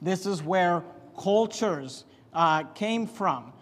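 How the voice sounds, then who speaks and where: High-voiced man teaching in an echoing hall. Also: expressive, drawn-out words, a bit bright. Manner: storytelling, acts out voices, many restarts. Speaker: Bible teacher. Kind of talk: Bible story lesson. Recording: echoey hall reverb.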